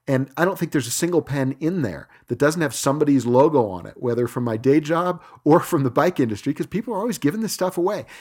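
A middle-aged man hosting a cycling podcast from his home studio, reading news items in a relaxed way with frequent filler words. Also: mid-range voice. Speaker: podcast host. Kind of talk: solo podcast news segment.

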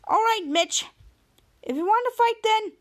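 A woman repeating the lines of a teenage boy hero facing a fight. He sounds nervous and cracks jokes, in a high, bright-sounding voice. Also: animated, measured pace.

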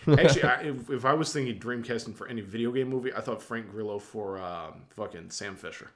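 A man's voice: medium pitch, fast talker, fairly bright tone. A young man hosting a casual podcast, laid-back and swearing freely. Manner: laid-back, swears a lot, laughs often. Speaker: podcast host.

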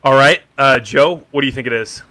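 Bright-voiced playful quiz host man. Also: medium pitch, fairly quick. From Kentucky. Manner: playful, teasing, laughs often. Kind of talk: casual podcast quiz.

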